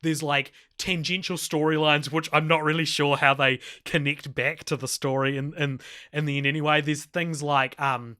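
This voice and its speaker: Rambling podcast co-host, bright and forceful, dry close mic. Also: male voice, fairly high pitch, normal speed, clear, resonant tone, no echo. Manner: animated, rambling, laughs often. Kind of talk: casual film review chat.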